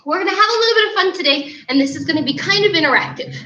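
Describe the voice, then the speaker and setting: A young woman leads an online martial arts class for children, upbeat and encouraging as she counts reps and calls out punches and kicks. Her voice sits very high and bright, with a lively, bouncing melody. The sound is roomy and a little dull, as if captured in an indoor studio. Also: racing, slight background noise. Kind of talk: online kids' class, coaching.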